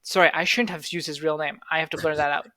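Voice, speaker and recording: A man's voice: a little high, steady tone, quick pace, pushed and bright, dry recording. A young man co-hosting a podcast online, telling a long story in casual chat with many fillers and restarts. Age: young adult. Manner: rambling, lots of fillers and restarts. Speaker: podcast co-host. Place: home, recorded online. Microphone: online call.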